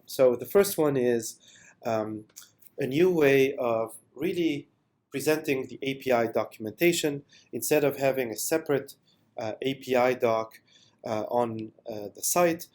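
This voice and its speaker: A man presenting a software product demo in an unscripted voice-over, enthusiastic and with many fillers. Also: medium pitch.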